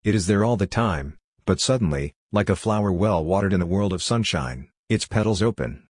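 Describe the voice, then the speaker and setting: A man's voice: sits low, animated, moderate pace, no room sound, clean studio sound. A man reading as a fatherly condemned shoemaker. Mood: tender. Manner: gentle, fatherly.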